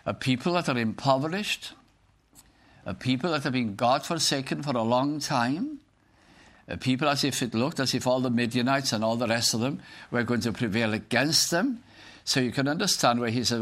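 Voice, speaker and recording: A man preaching a sermon. He reads scripture slowly and solemnly, then explains it in plain, earnest words with fillers and restarts. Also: medium pitch, fairly bright tone.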